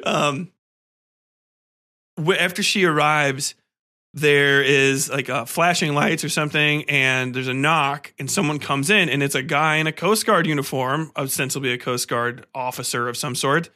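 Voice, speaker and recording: A man's voice: a little high, steady tone, unhurried, sharp tone. A man hosting a podcast, retelling a film's plot in a casual, rambling review with many fillers and restarts. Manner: rambling, filler-heavy storytelling. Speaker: podcast host. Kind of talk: casual film review monologue.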